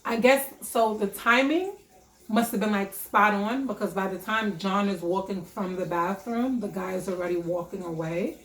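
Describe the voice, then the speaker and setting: A young woman vlogger telling a story in a casual storytime vlog, animated, profane and emphatic. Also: mid-range voice, normal speed, roomy sound.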